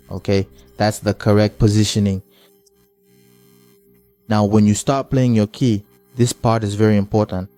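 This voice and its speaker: Patient low-voiced male bass teacher. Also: dark tone. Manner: repetitive, patient step-by-step explaining. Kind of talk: hands-on instrument lesson.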